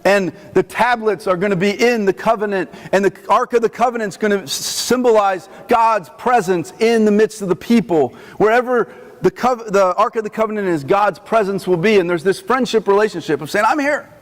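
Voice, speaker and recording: A man preaching a sermon in a chapel in a conversational, animated teaching manner. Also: high voice, fairly quick. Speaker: chaplain. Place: army post chapel. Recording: long reverb of a chapel.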